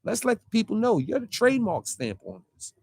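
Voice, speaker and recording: A man's voice: high-pitched, big pitch swings, slightly rough, no room sound, clean studio sound. Confrontational man ranting in street talk. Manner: confrontational, rapid-fire rhetorical questions, mocking quoted voices. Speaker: online commentator. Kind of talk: heated street-talk rant.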